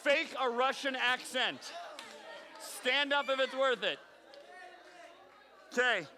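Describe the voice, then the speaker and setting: A man's voice: extremely high pitch, takes it slowly, bright, forceful tone, a faint crowd. A man leading a youth group game, calling on teens by name with playful teasing. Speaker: youth pastor. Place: large hall with audience. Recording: long reverb from a large hall.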